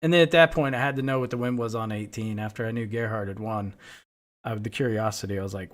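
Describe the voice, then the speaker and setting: A man's voice: fairly low pitch, steady tone, quick pace. A man streaming a game, chatting casually and telling rambling stories full of profanity. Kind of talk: casual chat while playing.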